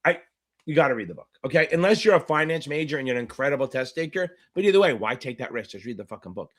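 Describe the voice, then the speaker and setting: A man's voice: fairly high pitch, animated. A middle-aged man tutoring for a finance exam on a live Q&A stream, talking bluntly with constant swearing. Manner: blunt, profane, rapid rants.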